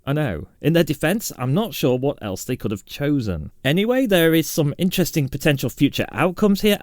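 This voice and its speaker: A man's voice: medium pitch, dry recording. A British man hosting a casual tech news roundup with a dry, self-mocking sarcastic humor. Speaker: tech channel host.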